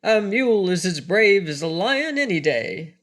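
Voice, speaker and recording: A woman voicing a brave talking mule in a storybook reading, loud and plain-spoken. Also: medium pitch, very animated, a little slow. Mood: bold.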